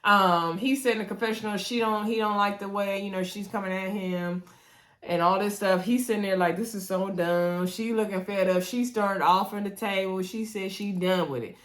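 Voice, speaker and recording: A woman's voice: medium pitch, steady tone, moderate pace, fairly bright tone. A woman recapping a reality dating show in a casual, chatty way, with an African American English accent, acting out quotes and talking straight to viewers. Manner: chatty, retells scenes with quoted voices and asides to viewers.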